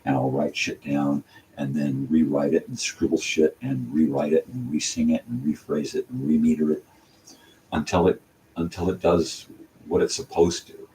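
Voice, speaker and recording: A man's voice: extremely low pitch, fairly even intonation, moderate pace, mellow. An older man hosting his own channel, talking through his songwriting in a loose, meandering monologue full of fillers and restarts. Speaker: channel host. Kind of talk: rambling casual monologue. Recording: distant mic with faint room noise.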